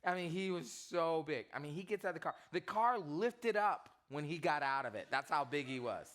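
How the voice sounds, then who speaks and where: A man preaching to students as their youth pastor, telling a comic story in an animated way and quizzing the audience. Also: a little high, moderate pace.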